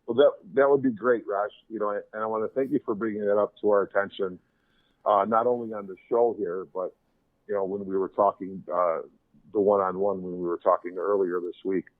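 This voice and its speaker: A man's voice: lowish voice, steady tone, brisk, no room sound. A man from a hobby club talking casually and agreeably as a guest on a call-in show. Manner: conversational, agreeable. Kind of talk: casual chat. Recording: tinny dry phone-line call.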